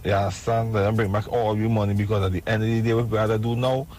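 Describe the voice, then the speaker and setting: A Trinidadian man calling in to a radio show, forcefully rallying listeners and often asking "right?". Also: lowish voice, steady tone, quick pace, slight background noise. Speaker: radio caller. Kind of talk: call-in radio rant.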